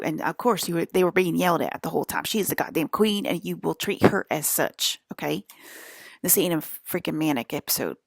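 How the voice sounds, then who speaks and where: Gravelly low-voiced woman ranting. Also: no room sound, clean studio sound. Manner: emphatic, profane, keeps asking "okay?". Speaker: vlogger. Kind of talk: rambling casual monologue.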